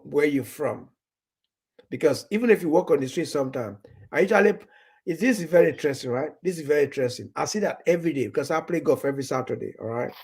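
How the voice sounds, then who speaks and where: Husky-voiced Nigerian-born man, rambling. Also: a little high, darkish tone. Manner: rambling, repeats words, acts out dialogue. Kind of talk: casual chat.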